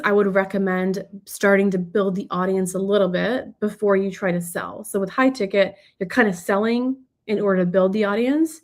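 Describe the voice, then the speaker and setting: A woman in a mid-range voice coaches her audience live, answering questions off the cuff. She talks loosely and chats her way through ideas, often restarting a sentence partway through. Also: medium pitch. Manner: conversational, loose, with fillers and restarts. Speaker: business coach.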